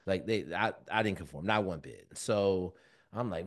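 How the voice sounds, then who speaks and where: A man, a guest on an interview show, telling a personal story in casual, slangy speech and acting out the voices of people in it. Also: measured pace. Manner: animated, acts out quoted dialogue with big pitch jumps; colloquial, relaxed slang. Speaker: guest, former Navy SEAL and mentor.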